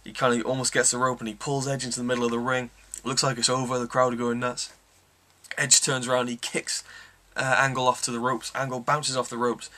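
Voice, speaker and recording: Keen man, sharp bright voice. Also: mid-range voice, flat delivery, fairly quick. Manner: enthusiastic, rambling, many ums. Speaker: wrestling reviewer. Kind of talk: casual review monologue.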